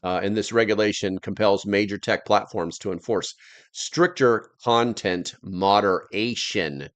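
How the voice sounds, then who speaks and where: A man's voice: on the low side, measured pace, no room sound. An American man hosting a casual livestream, rambling loosely and reading viewer comments aloud. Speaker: livestream host.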